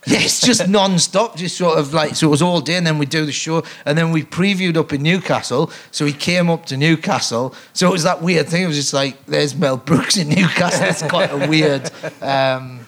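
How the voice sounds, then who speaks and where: A man telling a rambling, animated showbiz anecdote as a comedy guest on stage at a podcast recording. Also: fairly high pitch, normal speed. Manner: rambling, animated storytelling with restarts and laughs.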